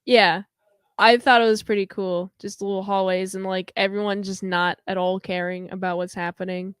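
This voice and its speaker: A woman co-hosting a podcast, chatting casually about a movie and acting out scenes in quick quoted voices. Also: mid-range voice, little pitch movement, smooth, no room sound, clean studio sound. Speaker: podcast co-host.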